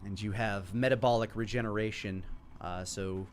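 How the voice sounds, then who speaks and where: A man's voice: lowish voice, steady tone, normal speed, a little hiss or hum. A man running a tabletop horror game as game master, describing scenes loosely with fillers and restarts.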